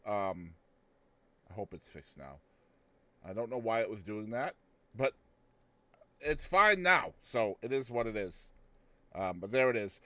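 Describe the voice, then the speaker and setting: A man's voice: mid-range voice, a bit bright, no room sound. A man from Boston hosting a music show, talking in a loose, chatty way with lots of ums. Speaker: radio show host.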